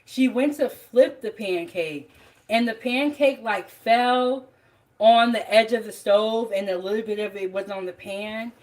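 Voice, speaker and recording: A woman with a fairly high voice talks viewers through her cooking in a home kitchen. She is relaxed and chatty, calls her audience y'all, and laughs often as she goes. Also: measured pace, low-quality recording. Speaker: home cook hosting a cooking channel. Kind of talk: casual cooking vlog, talking while cooking.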